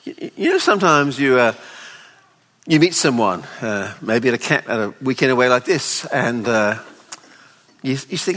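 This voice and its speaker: A man preaching a sermon at a weekend away, expressive and pleading, often acting out the people in the story. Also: mid-range voice, moderate pace. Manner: expressive, voices the father pleading tenderly. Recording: long hall reverb.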